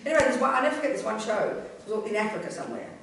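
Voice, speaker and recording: A woman's voice: a little high, very animated, very fast, vocal fry, a bit bright, slight background noise. A woman, a Buddhist nun, giving a blunt, emphatic and earthy teaching talk in a centre's hall. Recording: echoey room, voice from a distance.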